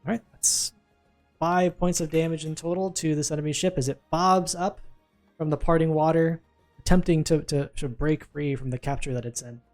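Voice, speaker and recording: A man's voice: on the high side, fairly even intonation, a little mellow, faint music behind. A man acting as game master, calling for dice rolls and narrating what happens. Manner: brisk, calls for dice rolls and narrates results.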